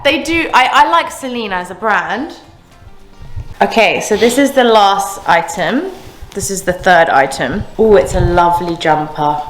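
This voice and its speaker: A young woman chatting casually to camera as an unboxing vlogger, excitable and frank with her opinions. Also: medium pitch. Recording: roomy echoey room.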